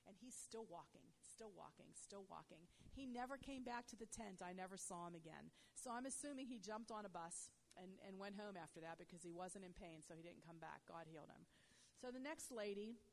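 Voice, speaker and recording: A woman of mid pitch telling a lively faith testimony to a host. She talks conversationally, sprinkling in "you know", and her voice climbs loud and high when the story excites her. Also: fairly quick, gravelly, a little hiss or hum.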